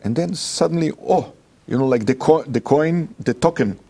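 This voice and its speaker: A man with an Israeli accent, a rabbi and interview guest, telling a personal anecdote in animated, halting, non-native English. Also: fairly high pitch, creaky, slightly rough.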